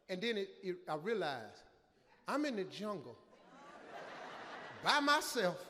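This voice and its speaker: An older man doing stand-up storytelling, loud and animated, often shouting his punchlines. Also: sits high. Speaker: stand-up comedian. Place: comedy stage. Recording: live hall reverb, faint ambience.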